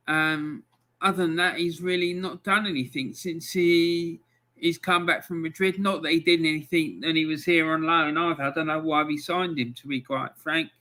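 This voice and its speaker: Man, live-stream football rant, fired-up and exasperated, bright edgy voice, slightly high. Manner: angry, exasperated ranting. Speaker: fan channel host.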